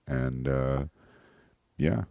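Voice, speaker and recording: A very low-voiced man rambles casually through the show's wrap-up. His tone is dark and mellow. The sound is close and dry, with no room in it. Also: very slow, vocal fry, dry recording. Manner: rambling, loose, with many fillers. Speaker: podcast host and comedian.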